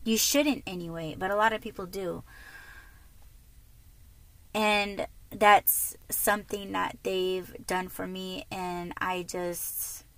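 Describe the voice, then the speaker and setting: Slow, chatty woman podcaster. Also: medium pitch, steady tone, fairly bright tone, no echo, poor audio. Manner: chatty, lots of fillers and laughs. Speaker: podcast host. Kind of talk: casual storytelling monologue.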